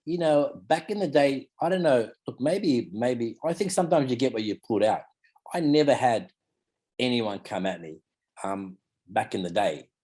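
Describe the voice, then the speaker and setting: A man's voice: medium pitch, animated, normal speed, dark tone, husky. An Australian man in his fifties, a martial arts teacher talking casually in an interview, rambling and leaning on fillers like "you know" and "mate". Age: 50s.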